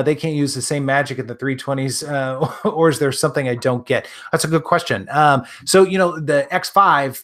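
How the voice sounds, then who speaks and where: A man with a fairly high, fairly bright voice and a Midwestern American accent hosts a gun channel, answering live chat. His casual live-stream talk is friendly and rambling, packed with fillers and restarts.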